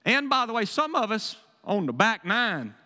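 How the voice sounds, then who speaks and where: A man preaching from the pulpit, his voice high and bright with a sharp edge. He swings from ringing, emphatic bursts down to quieter, folksy asides. The sanctuary's long reverb trails after every line. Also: very animated, normal speed. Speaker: pastor. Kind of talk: sermon. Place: church sanctuary.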